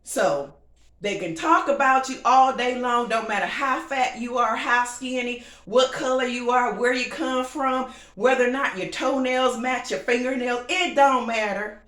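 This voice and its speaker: A woman hosting her own show, delivering a sassy, animated monologue and laughing often. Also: fairly high pitch, unhurried. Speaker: show host. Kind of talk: casual talk-show monologue. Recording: roomy echo.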